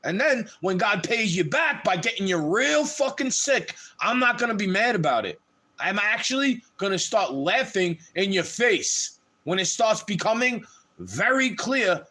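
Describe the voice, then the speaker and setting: A man's voice: high-pitched, bright, forceful tone. A man on a livestream delivering a heated, profane rant straight to his audience.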